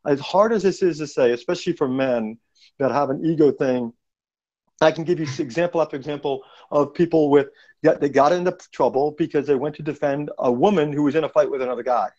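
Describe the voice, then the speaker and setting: A man's voice: on the high side, a little fast, darkish tone. A middle-aged man hosting a casual podcast conversation about martial arts, telling stories and acting out jokes. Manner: storytelling, acts out joke voices. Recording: dull lo-fi podcast audio.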